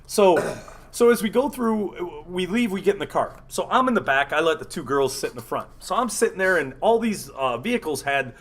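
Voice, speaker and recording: A man's voice: high-pitched, expressive, normal speed, a bit bright. A man hosting a radio show, telling a rambling, profane story in casual chat. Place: studio.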